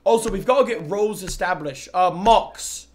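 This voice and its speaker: A man's voice: high-pitched, moderate pace, a little hiss or hum, natural voice. A male streamer putting on a British accent to play a cocky, matey gamer lad who calls everyone mate and bloke. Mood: chummy. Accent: put-on British, claims Manchester. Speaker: streamer going undercover in a game lobby.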